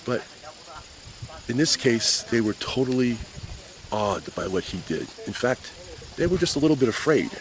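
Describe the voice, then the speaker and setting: Man, Sunday school teacher, animated storytelling, crickets outside. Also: lowish voice, slight background noise. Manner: animated, playful storyteller addressing kids. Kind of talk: children's Bible lesson. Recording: faint crickets outdoors.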